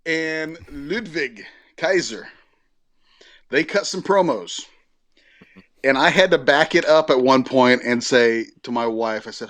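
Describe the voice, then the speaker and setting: Brief: male podcast co-host, mid-pitched, chatty and meandering, restarts his sentences, close and dry mic. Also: animated, slow, pauses often, fairly bright tone, no room sound. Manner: rambling, self-correcting storytelling. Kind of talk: casual chat.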